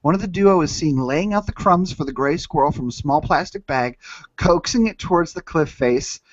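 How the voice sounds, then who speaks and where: A man with a fairly high voice trades crude jokes and reads out news items between bursts of laughter. The sound is dull, lo-fi and dry, with no room around it. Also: normal speed, dry recording. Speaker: podcast co-host. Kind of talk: casual comedic chat.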